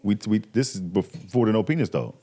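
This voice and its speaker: Here a podcast guest in his thirties talks in a lowish voice, a little on the fast side. He shares a personal story informally, animated and slangy, acting out each quote.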